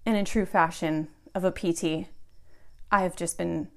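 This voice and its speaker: A woman's voice: fairly low pitch, steady tone, normal speed, vocal fry. A woman physical therapist hosting a podcast from home, explaining in a casual, enthusiastic way and sounding slightly out of breath. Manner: explanatory, enthusiastic, self-deprecating. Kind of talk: casual educational podcast monologue.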